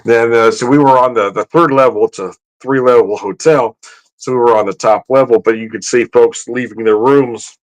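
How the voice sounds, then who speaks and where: A man's voice: steady tone, moderate pace, low-quality recording. Rambling chuckling beer vlogger man. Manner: rambling, chuckling, self-correcting; raises his voice high to mimic greetings. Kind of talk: casual livestream chat.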